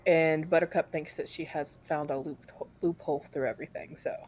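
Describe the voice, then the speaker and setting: A woman's voice: low voice, fairly even intonation, a little fast, a little mellow, slight background noise. A woman playing a tabletop game, casually narrating her character. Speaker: player.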